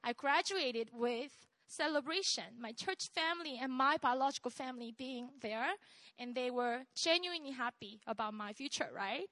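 Bright-voiced young woman preaching earnestly. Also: sits high, moderate pace, no room sound. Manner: earnest and exhorting, with frequent "right?" asides. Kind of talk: sermon.

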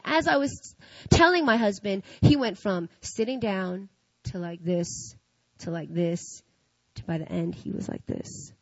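A woman with a high voice gives an earnest, emotional faith testimony to an audience, sharing something personal in a confessional way and often adding "you know what I mean." The recording is dry, with a dull lo-fi sound.

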